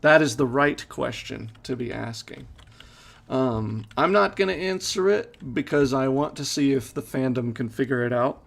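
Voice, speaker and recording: A man, a game director, giving live playthrough commentary and answering viewer questions in a relaxed, halting way. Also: mid-range voice, vocal fry. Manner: relaxed, hesitant with fillers.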